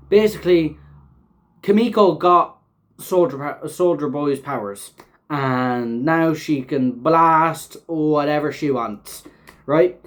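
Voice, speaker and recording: Rambling, swearing man recapping a show. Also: on the high side. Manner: rambling, filler-heavy, swears often, laughs while talking. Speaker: show host reviewing an episode. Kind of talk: casual reaction recap.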